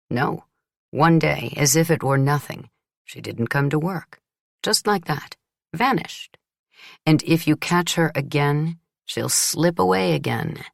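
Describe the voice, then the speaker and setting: A woman's voice: very deep voice, dry recording, studio quality. A woman voicing an arrogant, crude male businessman who boasts and threatens in an audiobook. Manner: boastful, contemptuous, menacing. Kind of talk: audiobook character voice.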